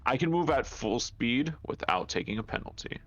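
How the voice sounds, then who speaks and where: A man's voice: mid-range voice, expressive, normal speed, a bit bright, no echo, lo-fi sound. A man playing a tabletop game, spelling out his actions step by step with a dry, joking streak. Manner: earnest step-by-step, dryly joking. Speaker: player.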